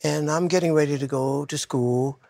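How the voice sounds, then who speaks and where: An older man from Detroit recalling his childhood in a reflective, heartfelt way, sometimes speaking softly. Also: on the high side, fairly even intonation, moderate pace, gravelly, no room sound, clean studio sound. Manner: reflective, heartfelt, soft at times. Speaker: interviewee. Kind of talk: personal storytelling.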